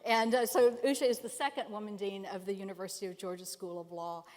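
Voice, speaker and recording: A woman's voice: medium pitch, fairly even intonation, quick pace, a little mellow. An older woman, a retired law school dean, speaking earnestly and reflectively on a conference panel. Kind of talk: panel discussion on stage. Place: large conference hall. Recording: long hall reverb.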